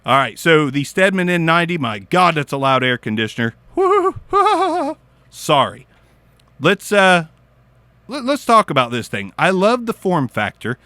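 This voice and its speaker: A goofy Southern man rambles through a mic review in his small home studio, swearing and cracking crude jokes. His pitch sits a bit high and jumps around a lot, and the sound is dry and close. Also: sing-song, normal speed, pushed and bright, no echo. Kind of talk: casual review.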